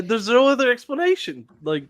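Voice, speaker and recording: A man's voice: very high-pitched, wildly swooping pitch, normal speed. A man co-hosting a casual podcast chat, laughing through his points and repeating words. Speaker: podcast co-host.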